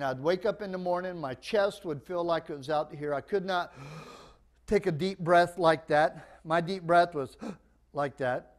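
A man preaching a sermon in a church, telling humorous stories and acting out the voices in them. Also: a little high. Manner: animated storyteller, acts out voices in jokes. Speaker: pastor.

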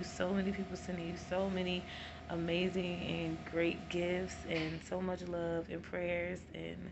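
A young woman in early labor talks straight to her phone, chatty, excited and full of slang. Her voice has a gravelly fry to it, and the recording carries a clear noise under her words. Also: on the low side. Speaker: mom vlogger. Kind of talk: casual vlog to camera. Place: home, then hospital room.

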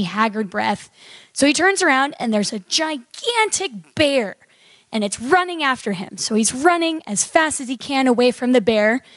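High-voiced woman telling a joke. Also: no room sound. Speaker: church member telling a joke.

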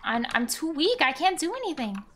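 A woman's voice: high-pitched, sing-song, fairly quick, a bit bright, a little hiss or hum. A young woman streaming a game, venting and swearing in exasperated running commentary. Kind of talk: live gameplay commentary.

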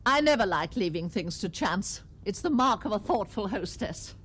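An actress playing a pretentious middle-aged suburban housewife with a prim, affected manner in a sitcom. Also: female voice, medium pitch, animated, moderate pace, a bit bright, slight background noise, close to an everyday voice. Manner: prim, affected, genteel delivery. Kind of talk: sitcom acting.

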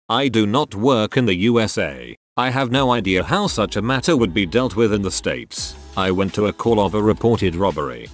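Guy reading reddit stories, lowish voice, bounces around in pitch, soft music behind. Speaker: narrator. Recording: faint background music.

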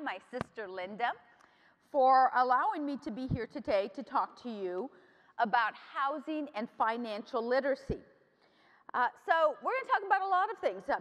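High-voiced woman telling a family story. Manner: warm storytelling that slips into Spanish phrases. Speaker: congresswoman moderating a policy panel. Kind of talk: personal storytelling speech. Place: large conference hall. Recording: long hall reverb.

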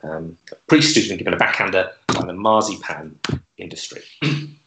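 A man's voice: low voice, fairly quick, echoey room, noisy background. Dry, hesitant male stand-up host. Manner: hesitant, many fillers and restarts, dry delivery. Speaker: comedy club co-host. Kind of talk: deadpan stand-up.

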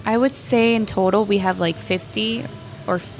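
A woman's voice: medium pitch, fairly even intonation, moderate pace, soft background music. A young woman from Mexico, the owner's daughter, chatting about her family's restaurant with lots of "like" and "um". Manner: chatty, frequent "like" and "um". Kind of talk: casual interview.

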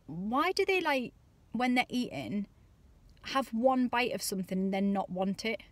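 A woman's voice: fairly high pitch, very animated, measured pace, no room sound. A woman in her thirties talking to camera about parenting, chatty and exasperated, acting out little voices. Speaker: parenting vlogger. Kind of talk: casual comic monologue to camera.

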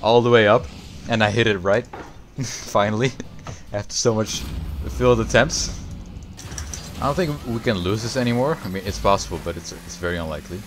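A young man commentating his own gameplay, excitable and foul-mouthed, shouting at big plays and griping about teammates. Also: lowish voice, background noise. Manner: excitable, swears often, yells at big plays. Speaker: gaming YouTuber.

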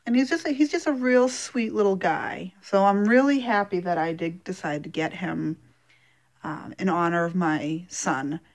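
Woman vlogger, casual unboxing talk, soft and halting, fighting back tears. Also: fairly low pitch. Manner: gentle, halting, with many fillers. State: emotional, holding back tears. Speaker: doll collector vlogger.

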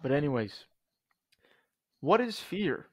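A man's voice: on the high side, big pitch swings, slow, a little mellow. A young man co-hosting a podcast in casual chat, laid-back and joking, with slangy asides. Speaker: podcast co-host.

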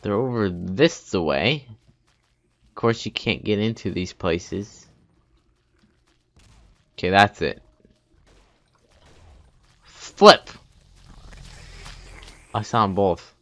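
A man giving let's play commentary, muttering and humming to himself as he plays, with sudden loud excited outbursts. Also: on the low side, slow pace, pauses often. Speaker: gaming video host.

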